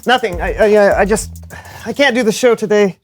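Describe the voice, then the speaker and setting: A man's voice: sits high, brisk, faint music behind. A man co-hosting a kids' comedy skit, talking in a nervous, stammering, evasive way. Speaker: co-host of a kids' comedy show.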